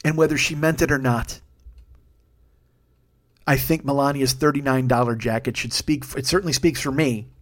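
A man's voice: mid-range voice, fairly even intonation. A man in his forties, a comedian hosting his own show, ranting at length with constant swearing and sudden bursts of intensity. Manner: profane, fast ranting with bursts of raised intensity. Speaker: comedian podcast host. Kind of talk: solo comedic rant.

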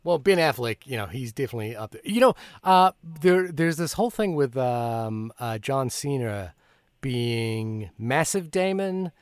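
Wry podcast co-host, dry close mic. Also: male voice, mid-range voice, expressive, measured pace, smooth, no room sound. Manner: wry, jokey, thoughtful. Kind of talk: casual film podcast chat.

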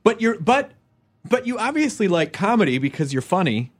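Chatty guy hosting, higher voice, bouncy pitch, always joking. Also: big pitch swings, normal speed. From Kentucky and Tennessee. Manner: chatty, jokey. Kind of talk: casual chat.

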